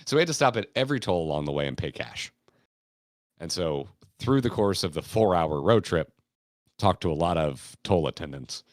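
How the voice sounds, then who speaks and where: A man's voice: sits low, animated, normal speed, no echo, clean studio sound. An American man from Florida hosting a podcast, telling stories in a rambling, laid-back way, laughing and swearing casually. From Florida, United States. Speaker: podcast host.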